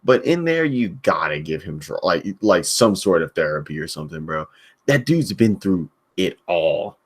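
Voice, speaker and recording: A man's voice: sits low, big pitch swings, normal speed, husky. A man co-hosting a livestream, talking bluntly and emphatically in slang. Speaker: stream co-host. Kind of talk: casual livestream chat.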